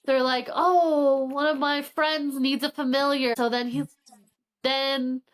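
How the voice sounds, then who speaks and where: A woman with a slightly high voice chats casually on a book podcast, filling her sentences with "like." She retells plot scenes by acting out what each character says. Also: flat delivery, a little slow, a bit bright. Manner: chatty, acts out characters' lines while retelling plot, many "like" fillers.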